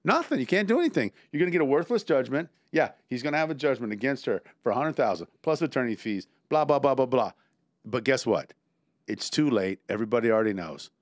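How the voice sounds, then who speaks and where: A man's voice: medium pitch, animated, quick pace, no echo, studio quality. A man, an attorney co-hosting a podcast, telling stories and explaining points in a wry, chatty way. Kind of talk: casual podcast banter.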